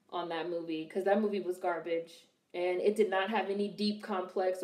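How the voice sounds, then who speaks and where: Blunt, wisecracking young woman in a roomy room. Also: medium pitch. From Washington, D.C. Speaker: host reacting to a film. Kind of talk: casual film reaction commentary.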